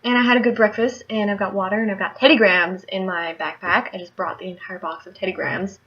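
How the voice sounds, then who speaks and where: A woman's voice: medium pitch, steady tone, fairly quick, a bit bright, muffled recording. A young adult woman telling a story in a casual vlog, chatty and rambling, often laughing. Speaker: vlogger.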